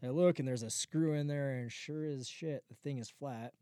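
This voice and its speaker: A man's voice: mid-range voice, moderate pace, warm tone, no room sound. A man co-hosting a podcast, chatting casually and telling stories with an easygoing, slightly sarcastic manner. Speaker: podcast co-host, drone videographer. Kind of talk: casual chat.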